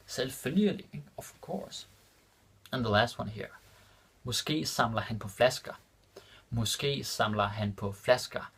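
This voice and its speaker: Male teacher, casual lesson delivery, slightly husky, slows down for examples. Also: mid-range voice, a bit bright. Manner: repeats example sentences slowly, checks in with "right?". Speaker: language teacher. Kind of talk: casual lesson explaining grammar.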